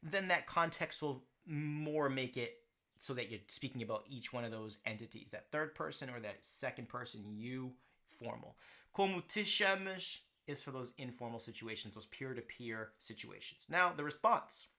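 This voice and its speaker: A man's voice: mid-range voice, bright, forceful tone. A man teaching a language lesson, explaining grammar and often checking in with "right?" and "okay". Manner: slows down to model pronunciation.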